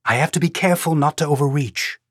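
A man voicing a cautious planetary governor who speaks in a careful, measured way. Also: a little high, a bit bright, no room sound, studio quality.

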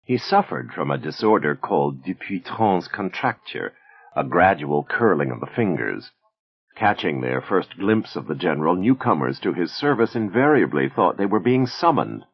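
A man narrating an audiobook in a measured, expressive storytelling manner. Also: deep voice, breathy edge, lo-fi sound.

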